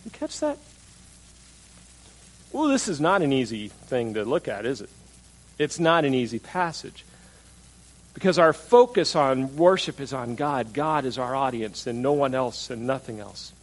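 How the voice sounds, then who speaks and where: A man's voice: medium pitch, lively intonation, normal speed, rough recording. Male pastor, everyday sermon voice, talks with the congregation and puts on mocking voices for quotes. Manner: conversational preaching, asks the congregation questions.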